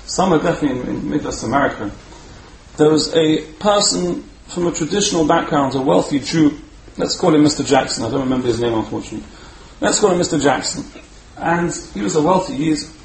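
A man giving a storytelling sermon as a Torah speaker, animated and repeating words for emphasis. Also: on the high side, fast talker, creaky. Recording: roomy echo, faint background hum.

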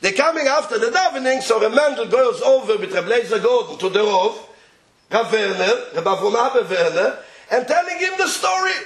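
Male storyteller, very high voice, Yiddish accent, animated and chuckling, echoey room. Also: fairly quick. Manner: animated, chuckling, mixing Yiddish and Hebrew words. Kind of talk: telling a rabbinic tale.

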